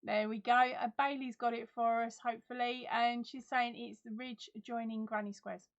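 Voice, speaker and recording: A woman's voice: a little high, fairly even intonation, moderate pace, muffled recording. A middle-aged woman hosting a casual live chat from home, reading out viewer comments, giggling and talking a lot. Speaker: livestream host.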